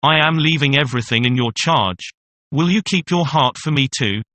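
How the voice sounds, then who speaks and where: A man's voice: medium pitch, normal speed, bright, forceful tone, no room sound, close to an everyday voice. A man reading a doting middle-aged cashier. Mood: pleading. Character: fifty-year-old man, doting cashier. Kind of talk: audiobook reading.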